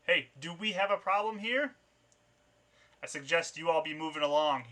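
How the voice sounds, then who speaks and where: A man voicing a confident male spellcaster in his thirties who shouts commands across an alley in a tabletop game. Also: medium pitch, little pitch movement, fast talker, close to an everyday voice. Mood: commanding.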